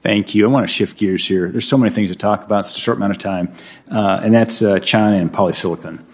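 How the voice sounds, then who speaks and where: A man, a senator, questioning a nominee at a hearing in brisk, hurried questions. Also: on the low side, husky.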